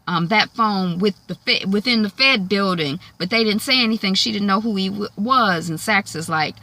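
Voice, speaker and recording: A woman's voice: lowish voice, pushed and bright. Chatty woman recapping a TV episode. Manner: chatty, many fillers, quotes characters in put-on voices. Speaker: TV recap vlogger.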